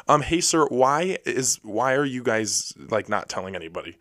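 A young man hosting a podcast alone, telling stories in a rapid, rambling, self-deprecating way. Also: mid-range voice, fairly bright tone, dry recording, clean studio sound. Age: young adult. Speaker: podcast host. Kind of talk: casual solo storytelling. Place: recording alone.

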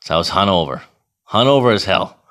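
A man in his thirties telling a casual, profane, animated story about himself. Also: low voice, fairly quick. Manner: profane, animated, self-mocking.

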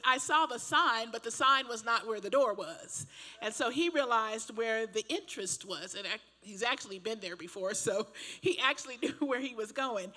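Bright-voiced older woman preaching. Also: fairly high pitch. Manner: chatty, animated storytelling with laughs and asides. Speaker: pastor. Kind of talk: sermon with personal story. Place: church.

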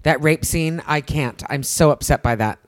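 A man's voice: on the high side, normal speed. A man co-hosting a casual chat, reacting expressively to a story and teasing his co-host.

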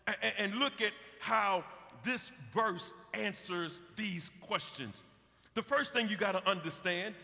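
A man's voice: sits high, creaky, sharp tone. A man preaching a sermon as pastor, passionate, repeating himself and calling out to the congregation. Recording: reverberant hall sound, live stream.

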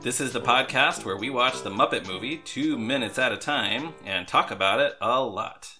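A man hosting a podcast in casual, chatty talk, quick to laugh. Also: medium pitch, music in the background. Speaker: podcast host. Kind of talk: casual chat.

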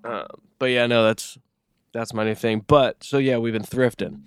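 A man's voice: medium pitch, fairly even intonation, normal speed, smooth, no echo, clean studio sound. A young man co-hosting a podcast, telling rambling stories full of fillers and swearing in casual chat. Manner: rambling storytelling, heavy swearing, lots of fillers. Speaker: podcast co-host.

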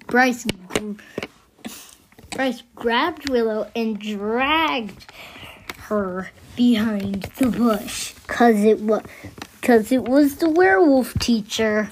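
A woman improvising a spoken story, with halting delivery and frequent restarts. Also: a little high, slight background noise. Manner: halting, with many restarts and soft asides.

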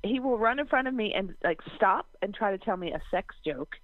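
A woman's voice: medium pitch, lively intonation, brisk, dry recording, narrow, tinny audio. A woman calling in to a radio show, recounting her situation in a matter-of-fact way. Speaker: caller. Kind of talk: phone-in radio call.

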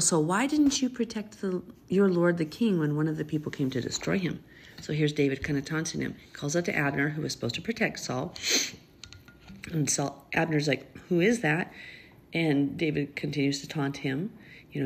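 A woman with a low, husky voice reads a Bible passage and then talks it through in plain, conversational terms. She speaks earnestly and turns straight to her listeners. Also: normal speed. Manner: earnest, explains verses in a chatty way. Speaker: Bible teacher. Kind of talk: Bible reading with commentary.

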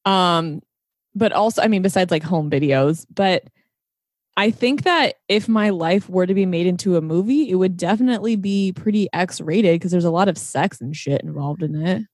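A woman's voice: fairly low pitch, normal speed, a little mellow, no room sound, studio quality. A woman co-hosting a podcast in casual chat, frank and profane, teasing her friend. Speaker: podcast co-host.

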